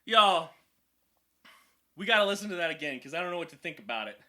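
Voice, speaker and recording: A man talking casually as a vocal coach reacting to a song, chatty and excitable with lots of fillers. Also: high voice, fast, over loud music. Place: indoor room at home.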